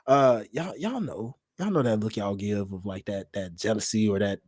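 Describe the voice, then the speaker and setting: A man co-hosting a casual podcast who talks animatedly and breaks into high, whooping reactions. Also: moderate pace, darkish tone, dry recording, studio quality. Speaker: podcast co-host. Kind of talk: casual chat.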